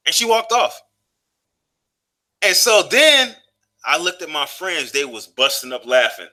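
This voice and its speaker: A man's voice: a little high, big pitch swings, measured pace, pushed and bright. A man in his thirties telling a personal story in a loose, profane, casual monologue, full of fillers and restarts. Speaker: vlogger.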